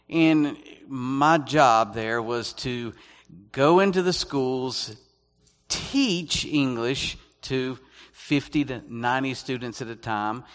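A man preaching as a guest speaker, conversational and self-deprecating, reading scripture slowly and deliberately. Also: mid-range voice, fairly bright tone. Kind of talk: sermon. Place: church sanctuary. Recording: long echo of a church hall.

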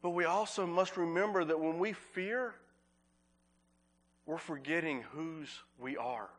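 A man preaching a sermon as pastor, earnest, repeating words for emphasis and slowing on key phrases. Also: fairly high pitch, fairly bright tone.

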